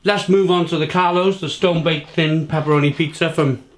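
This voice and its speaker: A man's voice: fairly high pitch, fairly even intonation, normal speed. A British man in his thirties chatting casually to camera as a food reviewer, repeating himself and talking while he eats.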